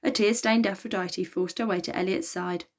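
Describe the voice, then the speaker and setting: A woman's voice: medium pitch, fairly even intonation, normal speed. Woman reading a children's book aloud. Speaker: storybook reader.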